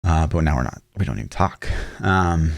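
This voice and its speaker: A man's voice: rumbling low, animated, normal speed, vocal fry, dry recording, clean studio sound. A man co-hosting a gaming podcast in casual chat, telling stories with lots of swearing and exasperation. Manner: profane, storytelling with exasperation. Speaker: podcast co-host.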